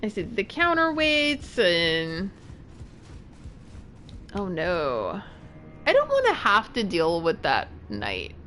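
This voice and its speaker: This woman streamer offers casual gameplay commentary from a room in her home, chatting while she plays and addressing her cat. She speaks slowly with long pauses, in a fairly low voice that swings hugely in pitch, bright and forceful, over slight background noise.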